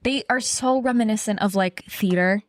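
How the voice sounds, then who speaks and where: A woman's voice: mid-range voice, normal speed. A young adult woman co-hosting a podcast in casual chat, rambling with fillers and laughing often. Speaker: podcast co-host.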